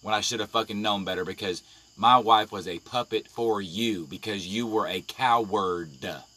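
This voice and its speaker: A man's voice: lowish voice, normal speed, bright, forceful tone. A man on a live video, ranting angrily and confrontationally with constant swearing. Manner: profane, confrontational, heated. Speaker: live-stream vlogger. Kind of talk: angry live-video rant.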